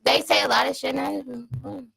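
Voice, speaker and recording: A woman's voice: high-pitched, flat delivery, moderate pace, creaky, sharp tone, rough recording. A woman speaking frankly and casually in a group podcast chat, with casual swearing.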